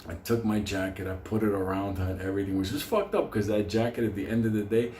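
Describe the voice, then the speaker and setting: Foul-mouthed New raconteur, mid-pitched, rambling and laughing, roomy echo with faint ambience. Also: male voice, fast talker, a little mellow, slight background noise. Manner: profane, rambling, laughs through the telling. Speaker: storyteller. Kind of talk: comic storytelling.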